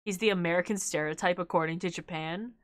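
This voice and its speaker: A woman's voice: lowish voice, fairly even intonation, fast talker, no room sound. A young woman streaming a game, chatting casually with viewers, laughing often between filler-heavy remarks. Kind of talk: casual live-stream chat while gaming.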